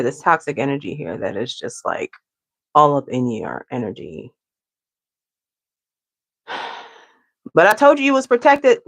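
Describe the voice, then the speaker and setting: A woman giving a casual tarot reading to her viewers, chatty and repetitive, often asking "okay?". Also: mid-range voice. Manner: chatty, tags lines with "okay?", repeats herself. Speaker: tarot reader.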